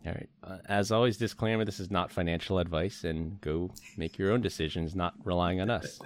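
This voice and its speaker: A man's voice: deep voice, steady tone, brisk. A man co-hosting a casual podcast, reading prepared news stories with jokes mixed in. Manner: reads prepared stories in a jokey way. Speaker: podcast co-host. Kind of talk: casual podcast chat with read news segments.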